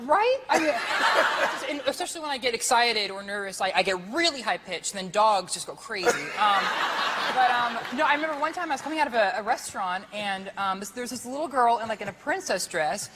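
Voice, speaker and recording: A young man with a very high, light voice, chatting as a talk show guest, laughing often and stammering through restarts. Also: expressive, a little fast, big-room sound, background noise.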